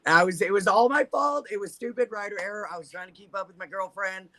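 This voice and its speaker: A woman's voice: medium pitch, expressive, fast, bright, forceful tone. A woman guest on a talk show, telling candid stories about her riding trips with a laugh. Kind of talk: casual chat.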